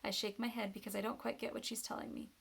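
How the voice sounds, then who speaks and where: A woman reading a novel aloud in steady first-person storytelling. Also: on the high side, fast talker, gravelly, breathy edge. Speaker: reader.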